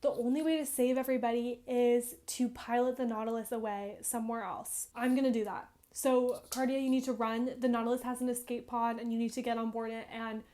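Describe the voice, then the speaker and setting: An earnest young engineer hero talks plainly and protectively to the girl he is saving, voiced by a woman retelling the game. The voice stays fairly high and casual, close to her own. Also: flat delivery, fairly quick, few pauses, warm tone, natural voice. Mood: resolute.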